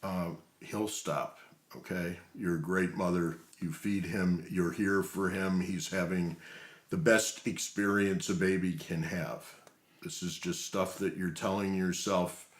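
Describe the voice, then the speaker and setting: Deep-voiced reassuring man presenter. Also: measured pace, reverberant. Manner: reassuring, calm. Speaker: workshop presenter. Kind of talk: role-play demonstration.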